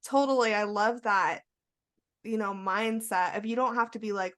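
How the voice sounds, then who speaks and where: A woman's voice: a little high, normal speed. A woman hosting a podcast interview, speaking casually with lots of fillers and affirmations. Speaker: podcast host. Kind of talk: conversational interview.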